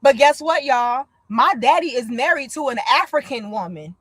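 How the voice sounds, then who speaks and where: A high voice at a moderate pace, without room sound, belongs to a woman in her thirties from the US. Hosting a casual livestream chat, she's blunt and profane and tells her stories with real energy.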